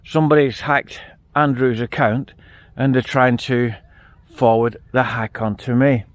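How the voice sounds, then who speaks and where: A middle-aged man chats bluntly to his camera outdoors beside a field. His voice sits at an ordinary middle pitch, and his talk comes in a casual, restarting flow. The sound is captured on a handheld phone. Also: steady tone, unhurried, no room sound. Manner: chatty, blunt storyteller with frequent restarts. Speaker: vlogger.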